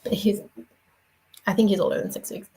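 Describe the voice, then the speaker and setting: A woman's voice: medium pitch, flat delivery, brisk, warm tone, slightly rough, rough recording. A young woman giving a casual devotional talk in an earnest, conversational way, with many fillers and restarts. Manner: earnest, shares personal story. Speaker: faith vlogger and parent.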